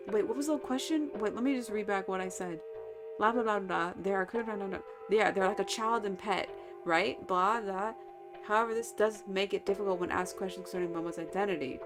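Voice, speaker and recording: A woman's voice: medium pitch, a little fast, over music. A woman streaming a visual novel, reading the game text aloud and chatting about it with lots of giggles. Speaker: let's-play streamer.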